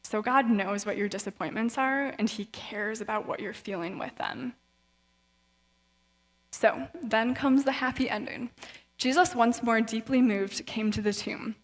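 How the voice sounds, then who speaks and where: A woman guest speaker at a young adult event gives a chatty, conversational sermon with Bible readings, her fairly high voice moving at a measured pace. Now and then she acts out the voices of people in the story, and the hall sounds reverberant.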